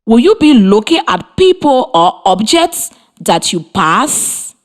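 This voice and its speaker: A woman from Liberia teaching a reading lesson by radio, speaking slowly and clearly with encouraging questions to the children. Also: on the high side, sing-song.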